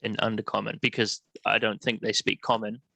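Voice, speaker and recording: A man's voice: on the low side, flat delivery, a little fast, gravelly, bright, forceful tone, no room sound. A man playing a tabletop game who talks through his character's plans step by step. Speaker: player.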